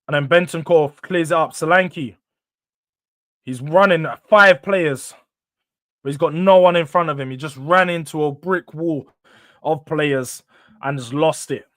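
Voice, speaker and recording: A young man commentating casually on a live match, his voice pitched high and lively. He swings between excited outbursts and tired, low mumbles, and the sound is close and dry with no room around it. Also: measured pace, dry recording. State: tired, yawning. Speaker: host of a football watchalong.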